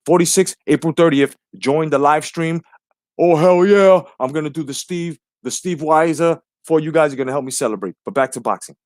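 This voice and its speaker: A man's voice: a little high, normal speed, darkish tone, no echo, studio quality. Brash profane man ranting live. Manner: brash, profane, swaggering, talks to chat. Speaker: live stream host.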